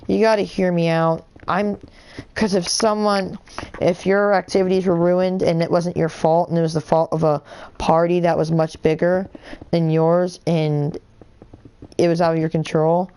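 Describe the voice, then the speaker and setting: An American woman livestreams a game while ranting heatedly and indignantly, full of fillers and restarts. Her voice is lowish, mellow, and clean.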